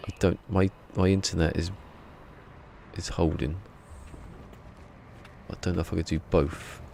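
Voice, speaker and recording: A man's voice: low-pitched, flat delivery, measured pace, creaky, mellow, a little hiss or hum. A man streaming a game from home, chatting casually and rambling in a self-deprecating way. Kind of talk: casual live-stream chat.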